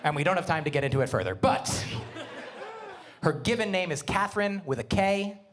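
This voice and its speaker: A middle-aged man doing a stand-up comedy set, animated, with quick asides and wordplay. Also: fairly high pitch. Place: comedy venue with live audience.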